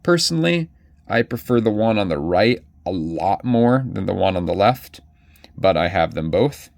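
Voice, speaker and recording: A man's voice: sits low, expressive, normal speed, gravelly, darkish tone, no room sound, clean studio sound. A man chatting casually to his viewers as he pages through his card collection, often correcting himself mid-sentence. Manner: chatty, self-correcting, addresses viewers directly. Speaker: collector vlogger.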